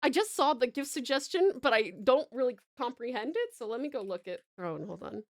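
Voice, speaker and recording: Australian woman, live streamer, high bright voice, dry close mic, effusive and casually profane. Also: lively intonation, fairly quick, no echo. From Tasmania, Australia. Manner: gushing, effusive thanks with casual swearing. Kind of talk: live stream chat with viewers.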